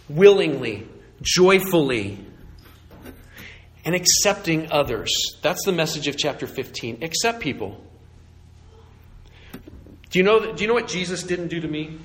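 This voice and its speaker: A man's voice: a little high, a bit bright. A man preaching a sermon, talking to the congregation in a conversational, emphatic and humorous way. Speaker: pastor. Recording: echoey hall with faint ambience.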